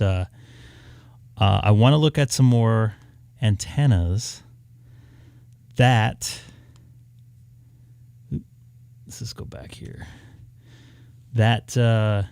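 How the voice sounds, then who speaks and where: Rambling, mellow-voiced man thinking aloud. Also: lowish voice, smooth, no room sound. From southern California. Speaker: ham radio live streamer. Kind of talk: casual live-stream chat. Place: home room upstairs.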